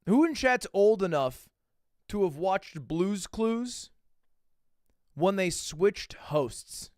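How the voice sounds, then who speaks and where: A young man in his twenties reacting to a video on stream, animated and swearing, switching between loud outbursts and quiet mutters. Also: high-pitched, slow pace, no room sound, studio quality. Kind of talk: casual reaction commentary.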